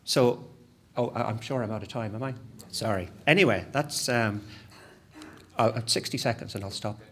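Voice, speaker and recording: A man's voice: mid-range voice, normal speed. Man giving a talk. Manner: lively, self-deprecating, with frequent restarts. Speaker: academic presenter. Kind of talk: conference presentation.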